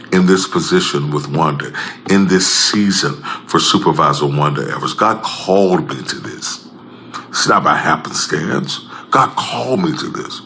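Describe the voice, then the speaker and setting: Man, gravelly, slow deliberate delivery, emphatic repetition. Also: a little hiss or hum. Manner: emphatic and repetitive, swings between loud and low. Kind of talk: impassioned public address.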